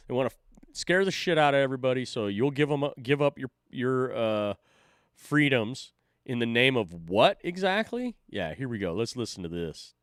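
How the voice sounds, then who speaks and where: A man's voice: mid-range voice, very animated, moderate pace, no room sound, clean studio sound. A man hosting a stream, reacting to clips with loose, sarcastic, swearing commentary. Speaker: stream host.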